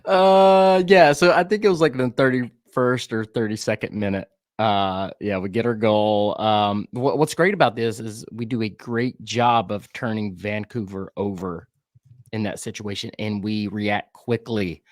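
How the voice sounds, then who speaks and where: A man with a Southern US accent co-hosting a soccer podcast, breaking down match plays in a relaxed, rambling way with fillers and restarts. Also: fairly low pitch, measured pace, dry recording, studio quality. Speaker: podcast co-host. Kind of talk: casual sports chat.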